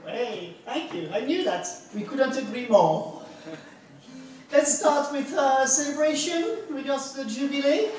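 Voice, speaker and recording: Slow-talking French-accented woman comedian. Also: sits high, lively intonation, a little mellow, slight background noise. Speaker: stand-up comedian. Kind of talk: stand-up routine at an open mic. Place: bar open mic stage. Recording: echoey bar from far off.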